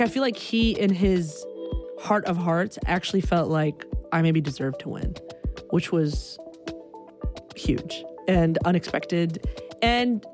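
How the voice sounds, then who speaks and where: Animated woman telling a personal story. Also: low-pitched. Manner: animated, breaks into loud acted quotes.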